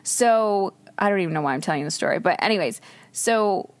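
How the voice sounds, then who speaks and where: A woman podcast host telling a personal story in a casual way. She jumps high when she quotes her own exclamations and swears freely. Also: lively intonation, a little fast, no room sound.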